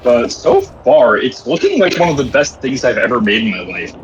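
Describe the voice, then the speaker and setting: Laughing, animated man on a voice call. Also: mid-range voice, moderate pace, dull audio, crowd noise. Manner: laughing, joking, lively. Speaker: stream co-host. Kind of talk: casual chat on a livestream. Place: at home, cooking. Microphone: computer mic on a voice call.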